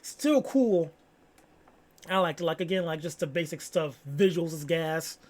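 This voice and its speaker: A man's voice: on the high side, a little slow. A young man rambling in casual solo chat, slangy and full of fillers. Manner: rambling, heavy on "like" and "bro", slangy. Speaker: vlogger.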